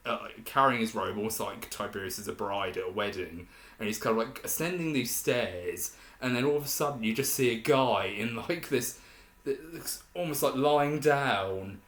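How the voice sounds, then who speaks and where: A young man reviewing a film in casual, rambling talk, full of fillers and restarts. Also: mid-range voice. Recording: roomy echo in a room.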